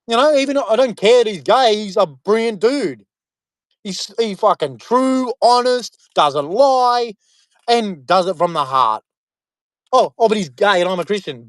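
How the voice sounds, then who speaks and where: A man with an Australian accent talks in a loose, rambling monologue full of fillers and restarts. His voice sits high for a man and sounds close and dry, with no room around it. He leans hard on his points and slides into preaching. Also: dry recording. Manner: rambling, emphatic, many fillers. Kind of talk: casual monologue to camera.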